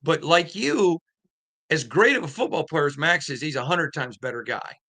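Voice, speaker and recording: Bright-voiced earnest male podcast host. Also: a little high, lively intonation, normal speed. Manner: earnest, emphatic storyteller. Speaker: podcast host and sports beat writer. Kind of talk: casual interview chat.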